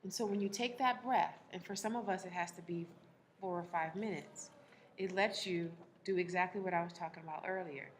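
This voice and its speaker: A woman relationship coach speaking to a live audience, animated, laughing often and acting out the people she quotes. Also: on the low side, brisk, slight background noise.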